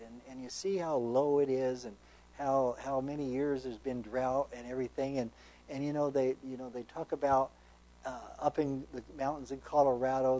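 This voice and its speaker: A man's voice: mid-range voice, mellow, low-quality recording. A man, a pastor, teaching a sermon verse by verse, conversational and earnest, reading scripture aloud with emphasis.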